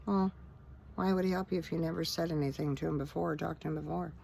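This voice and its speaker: A woman's voice: sits low, steady tone, quick pace, vocal fry, a little mellow, slight background noise. A middle-aged woman minister chatting earnestly into her phone camera for her vlog, rambling with fillers. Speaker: vlogger and minister. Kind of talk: casual faith-talk vlog.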